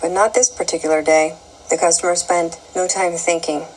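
A woman's voice: on the low side, steady tone, normal speed, a little mellow, breathy edge, rough recording. A woman, a flight attendant, reading her own wry, amused story aloud. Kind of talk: reading a written anecdote.

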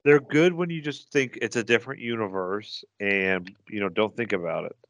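A man's voice: on the low side, moderate pace, fairly bright tone, no room sound. A man co-hosting a podcast, chatting casually and giving strong opinions. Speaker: podcast co-host. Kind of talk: casual chat.

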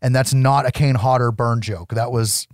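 A man co-hosting a casual podcast, retelling a movie scene by scene with lively, laughing energy and some swearing. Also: medium pitch, normal speed, no echo, clean studio sound. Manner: animated storytelling, acts out quotes with laughs, swears. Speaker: podcast co-host. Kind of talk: casual film recap chat.

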